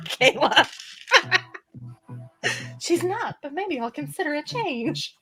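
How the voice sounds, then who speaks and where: Lively high-voiced young woman streamer. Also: extremely slow, long pauses, soft background music. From United States. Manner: animated, playful and swearing, with sudden squeals. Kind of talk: casual live-stream chat.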